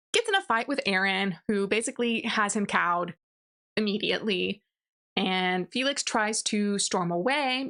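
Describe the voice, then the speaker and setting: A woman's voice: mid-range voice, bright, forceful tone. Exasperated young woman ranting about a book. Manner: casual, exasperated and sarcastic, with many fillers. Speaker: book reviewer. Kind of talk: ranting book review recap.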